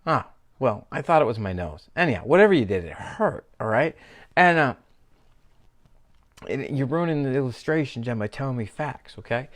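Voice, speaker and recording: Middle-aged man, pastor, sermon storytelling, lively and self-mocking, halting restarts, mid-pitched voice. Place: church sanctuary.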